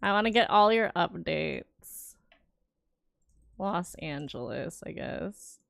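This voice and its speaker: A woman's voice: lowish voice, lively intonation, takes it slowly, creaky, a bit bright, dry recording. A young adult woman streamer gives a casual, enthusiastic reaction to a games showcase and muses aloud as she goes.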